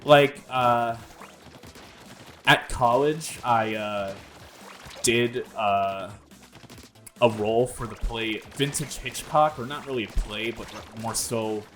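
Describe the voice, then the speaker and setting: A man's voice: medium pitch, takes it slowly, pauses often, a bit bright, faint music behind. A young man hosting a gaming video, rambling in casual commentary full of fillers and swearing. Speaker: gaming channel host.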